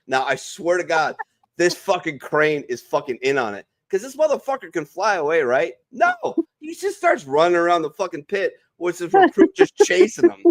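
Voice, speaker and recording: A man's voice: a little high, normal speed. Profane man telling barracks stories. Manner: profane, animated storyteller. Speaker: veteran panelist. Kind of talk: casual storytelling chat. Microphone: video call.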